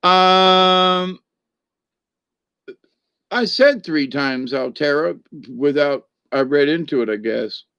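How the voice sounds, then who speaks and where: A man's voice: on the high side, animated, takes it slowly, gravelly, pauses often, a bit bright, clear, resonant tone, dry recording. A middle-aged man hosting a Catholic channel in a rambling, jokey livestream chat, cackling with laughter often.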